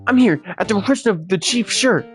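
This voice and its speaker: A man's voice: high-pitched, expressive, fairly quick, fairly bright tone, faint music behind, voice pushed up. A man doing a flustered, bumbling young patrolman. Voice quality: flustered, ends lines with "sure".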